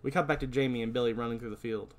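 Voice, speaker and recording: A man's voice: mid-range voice, steady tone, very fast. A man co-hosting a podcast, casually recapping a horror movie plot. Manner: narrates plot, laughs a lot. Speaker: podcast co-host.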